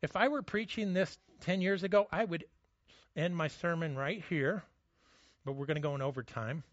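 Man, pastor, sermon, animated storytelling, higher voice, dry dull sound. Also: normal speed, no room sound. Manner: animated storytelling, drops to a hush for quiet moments.

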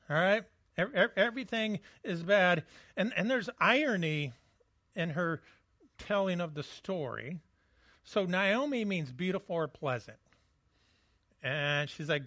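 A man's voice: on the high side, measured pace, a bit bright, dry recording, highs cut off. A man preaching a sermon as a pastor, earnest and often repeating words as he restarts his sentences.

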